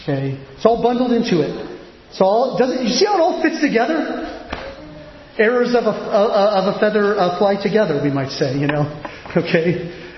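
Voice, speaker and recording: High-voiced man preaching in an echoey hall. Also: moderate pace. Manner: animated preaching, rising and pressing with rhetorical questions. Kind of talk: sermon. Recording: echoey hall, dull lo-fi sound with faint noise.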